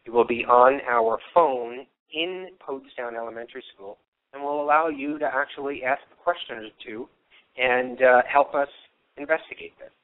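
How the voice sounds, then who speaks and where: A man hosting a live paranormal radio investigation, telling history in a rambling, filler-filled way. His voice is a little worn and comes through a thin, tinny phone-like line. His pitch sits in an ordinary middle range. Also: moderate pace. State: losing his voice. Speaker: paranormal radio show host.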